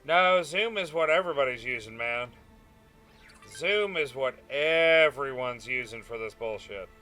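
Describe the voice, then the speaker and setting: A man's voice: medium pitch, lively intonation, a little slow, sharp tone, faint music behind. A young man streaming a space game, chatting casually with his viewers and often trailing off into "uh" and "um". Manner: chatty, answers chat, trails off with fillers. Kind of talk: casual gaming stream chat.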